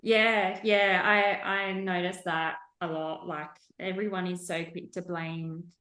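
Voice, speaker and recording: A woman hosting a podcast, chatting in a relaxed, agreeable way. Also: lowish voice, slow pace. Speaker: podcast host. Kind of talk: casual podcast chat. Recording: roomy echo.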